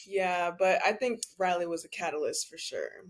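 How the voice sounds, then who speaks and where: A woman's voice: lowish voice, lively intonation, normal speed. A young woman guesting on a casual podcast, telling stories in a chatty way full of fillers.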